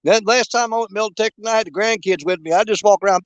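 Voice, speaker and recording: Out by a creek, an older fishing channel host runs a live stream, rambling casually, cracking jokes with his viewers, and laughing a lot. He has a high voice and talks very fast, with no echo and the highs cut off.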